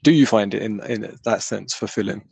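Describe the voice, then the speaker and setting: A man's voice: on the low side, moderate pace, gravelly, darkish tone, breathy edge, no room sound. A young man hosting a podcast, asking rambling, hesitant questions full of "like.". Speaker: podcast host. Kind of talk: casual interview.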